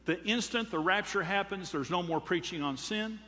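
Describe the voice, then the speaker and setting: Emphatic older pastor preaching in a hall. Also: male voice, high voice, normal speed, pushed and bright. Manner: emphatic, preacherly, rhetorical questions. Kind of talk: sermon. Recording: long reverb of a large hall.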